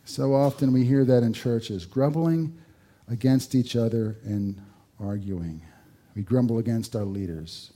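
A man's voice: medium pitch, measured pace, dark tone. A male pastor preaching a sermon in a conversational way, with rhetorical questions and dry humor.

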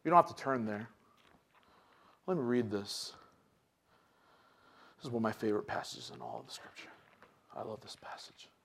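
A young man preaching a sermon, dropping to low asides and then rising to loud, emphatic scripture reading. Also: lively intonation, moderate pace, vocal fry, pauses often.

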